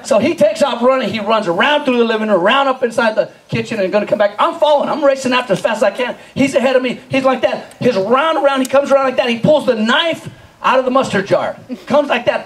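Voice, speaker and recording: A man doing live stand-up storytelling, animated, laughing often and acting out scenes while quizzing the crowd. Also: very high voice, poor audio. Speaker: stand-up comedian.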